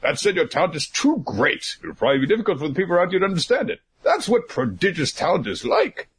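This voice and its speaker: A man's voice: sits high, wildly swooping pitch, fast talker, slight background noise. A man voicing a devoted, formal male butler who speaks earnestly to his young master.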